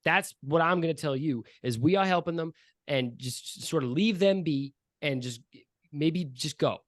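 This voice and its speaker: A man's voice: on the high side, moderate pace, dry recording, lightly acted. Guy doing a stammery nervous lab assistant, dry close sound. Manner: stammering, pleading.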